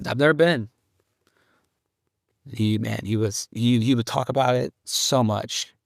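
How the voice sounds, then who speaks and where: A grieving man records a halting, rambling solo podcast update, restarting his sentences as he searches for words. His voice sits at an ordinary middle pitch and comes across close and dry, with no room sound around it. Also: creaky, no echo. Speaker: podcast host.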